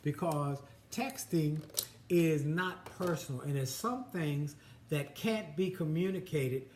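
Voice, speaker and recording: Middle-aged man, halting advice talk. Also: on the high side, slight background noise. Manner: halting, restarts and repeats words. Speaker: co-host. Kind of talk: casual advice chat. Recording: roomy echo, faint ambience.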